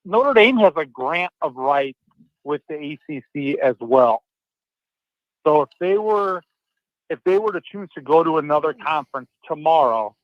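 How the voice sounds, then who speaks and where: A man's voice: a little high, no echo. A man calling in to a talk show, speaking casually and hedging with lots of fillers. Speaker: caller. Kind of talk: casual chat. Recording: dull dry phone line.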